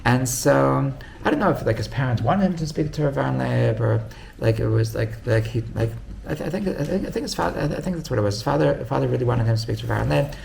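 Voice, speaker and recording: A man's voice: medium pitch, animated, fast, gravelly, hardly any pauses, darkish tone, slight background noise. A man, a rabbi, telling a story in a casual, rambling way with many restarts. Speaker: rabbi teaching.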